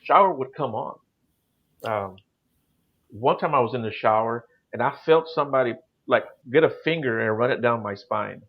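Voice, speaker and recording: A man's voice: medium pitch, moderate pace, highs cut off. Middle-aged man rambling through ghost stories. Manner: rambling, lots of "you know" and "like". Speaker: guest telling paranormal experiences. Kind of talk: casual storytelling on a call-in show.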